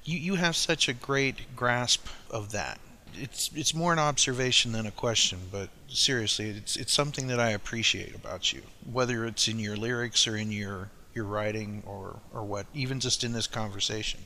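Bright-voiced male radio host. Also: fairly low pitch, normal speed, a little hiss or hum. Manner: stammers repeated words, then reads a smooth introduction. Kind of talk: radio interview and song introduction.

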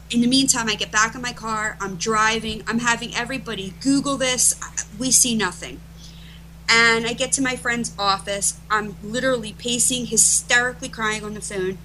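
A middle-aged woman, a guest being interviewed, telling stories emphatically and restarting her phrases as she rushes ahead. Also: on the high side, steady tone, bright, forceful tone, a little hiss or hum, rough recording. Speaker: interview guest, event organizer. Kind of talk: animated storytelling in conversation.

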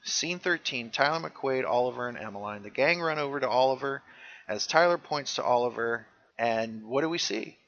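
Guy on a podcast, bright tense voice, kinda lo-fi dull sound, retelling an episode. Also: medium pitch, normal speed, dry recording. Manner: animated, jumps into character voices when quoting. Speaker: podcast co-host recapping a show. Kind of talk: casual chat, retelling scenes with quoted lines.

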